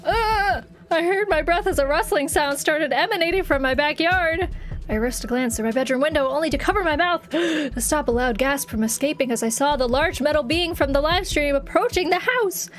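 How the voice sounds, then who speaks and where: A woman's voice: high voice, fairly quick, soft background music. A woman streamer reading a visual novel game aloud on a live stream, with giggly, chatty asides and playful exclamations.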